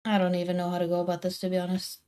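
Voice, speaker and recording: A woman's voice: on the low side, completely flat delivery, rapid-fire, warm tone, clean tone. A woman streaming from home on a desk microphone, chatting casually with her viewers while drawing and calling out to her cats. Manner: chatty, talks to her cats and to chat, teasing indignation. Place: home, indoors.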